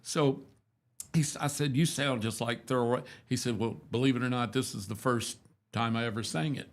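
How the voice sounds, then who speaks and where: A man's voice: medium pitch, fairly even intonation, normal speed. A man in his seventies, a radio host, telling rambling, self-deprecating stories in a casual, folksy chat. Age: 70s.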